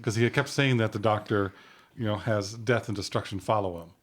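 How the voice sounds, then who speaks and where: A man's voice: lowish voice, fairly quick. A man co-hosting a podcast, chatting casually and recounting scenes, often quoting dialogue. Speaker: podcast co-host. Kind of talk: casual chat.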